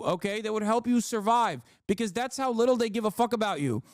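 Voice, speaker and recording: A man's voice, a touch higher than most, ranting hard on a livestream. He swears freely and mocks his critics. The sound is dry and close, with no room around it. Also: lively intonation, brisk, hardly any pauses, no echo. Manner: heated, profane, mocking. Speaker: livestreamer reacting to news. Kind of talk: angry political rant.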